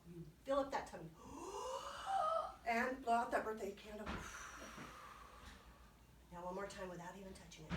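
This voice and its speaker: Lively, encouraging woman leading kids' movement. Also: mid-range voice, noisy background. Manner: cheerful and encouraging, with playful sound words. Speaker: children's librarian leading a movement class. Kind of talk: lively children's music and movement class. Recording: roomy sound from a distant mic.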